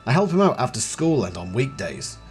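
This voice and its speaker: Animated man chatting about a book series. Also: mid-range voice, a little fast, soft background music. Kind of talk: casual book analysis, reading passages aloud.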